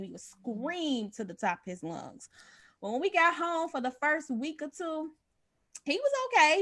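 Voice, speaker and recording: A woman, candidly telling a personal story and acting out the dialogue with big pitch jumps. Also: fairly bright tone. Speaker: podcast guest sharing a personal story.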